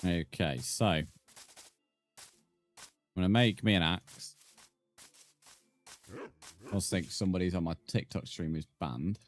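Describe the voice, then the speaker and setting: Low-voiced British man streaming. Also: measured pace, long pauses, soft background music. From Britain. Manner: chatty banter with viewers, thanking followers. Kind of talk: casual live-stream chat while gaming.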